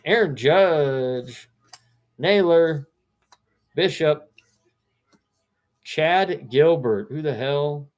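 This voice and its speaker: Hosting a card break on a live stream, this Missouri card seller has a medium-pitched, somewhat dark voice. He reels off player names, chatting as he goes and stopping to correct himself.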